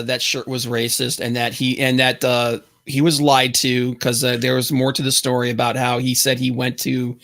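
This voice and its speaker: A man's voice: medium pitch, fairly bright tone. A man co-hosting a casual wrestling podcast, giving emphatic and exasperated opinions. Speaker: podcast co-host.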